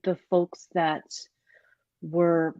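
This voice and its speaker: Female panelist, low pitch, very slow, dry muffled remote audio. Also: flat delivery, dry recording. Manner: slow, thoughtful. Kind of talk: reflective panel answer.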